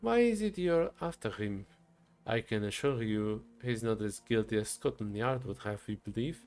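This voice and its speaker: Man doing a smooth French-accented detective, measured, gravelly. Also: on the low side, lively intonation, a little mellow. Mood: courtly. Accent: put-on French. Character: suave French male private detective.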